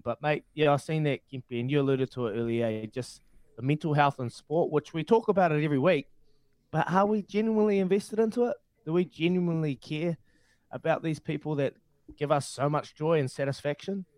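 A man's voice: mid-range voice, darkish tone, clear, resonant tone, dry recording. Reflective man, dry close sound. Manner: reflective, repeats himself while searching for words. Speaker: co-host. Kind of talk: casual sports chat.

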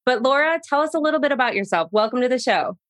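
A woman's voice: high voice, animated, a bit bright. Bubbly American woman podcast host. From United States. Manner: bubbly, gushing, quick asides. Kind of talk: casual interview chat.

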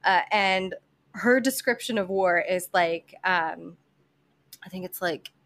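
A woman's voice: on the low side, slow pace, fairly bright tone. A woman hosting a podcast, telling a history story in casual chat, with many fillers, restarts and some swearing. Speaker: podcast host presenting history.

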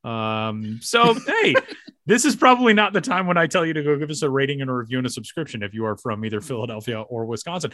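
Young guy hosting a podcast, bouncy and bright, super dry sound, jokes around a lot. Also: a little high, fast talker, dry recording. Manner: jokey, animated, laughs often. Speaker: podcast host. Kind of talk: casual chat. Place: home studio in Denver.

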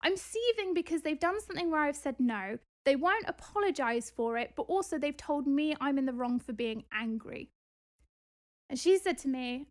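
High-voiced, indignant woman. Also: normal speed. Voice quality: animated, indignant retelling with exasperated outbursts. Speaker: podcast host and property investor. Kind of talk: casual storytelling podcast.

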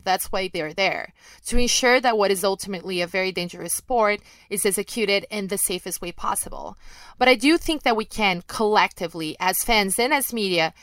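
A woman's voice: mid-range voice, fairly bright tone, no room sound. A young adult woman, an MMA journalist, answering listener questions in a candid, self-deprecating, chatty way. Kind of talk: casual chat, reading out questions.

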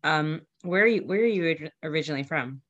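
A woman's voice: low voice, lively intonation, quick pace, fairly bright tone, dull audio. A woman hosting an interview, asking curious, rambling questions with enthusiasm. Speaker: interviewer, host. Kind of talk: casual interview chat.

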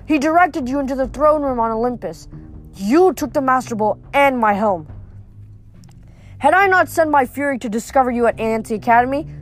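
Brief: woman reader doing a bellowing, threatening male underworld god, a touch high.

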